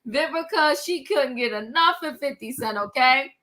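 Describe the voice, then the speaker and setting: A woman's voice: high voice, lively intonation, moderate pace, sharp tone. A woman hosting a casual commentary livestream, chatty and slangy, greeting her viewers and exclaiming as she goes. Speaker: livestream host.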